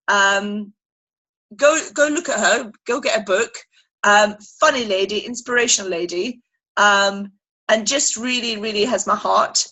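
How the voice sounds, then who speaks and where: A high-pitched woman with a bright, husky edge gives a rousing training talk to her team on a video call. She is animated and emphatic, and she acts out little scenes with lots of energy. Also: poor audio. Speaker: sales team leader.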